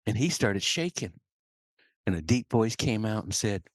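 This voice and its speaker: A man's voice: lowish voice, animated, a little slow, dry recording, studio quality. A man, a leadership coach, telling a dramatic story on a podcast.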